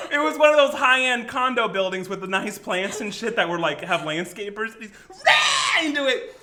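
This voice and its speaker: Host for a late-night stream: young-sounding man, high and lively pitch, animated storyteller who acts out every scene. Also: normal speed, a little hiss or hum. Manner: animated, laughing, acts out the scene and shouts quotes. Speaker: show host.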